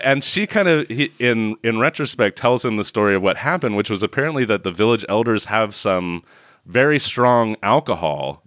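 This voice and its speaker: Man, podcast co-host, sarcastic movie recap, lively swooping pitch, dry close sound. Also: no room sound. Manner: sarcastic, laughing recaps with animated pitch jumps. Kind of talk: casual movie recap chat.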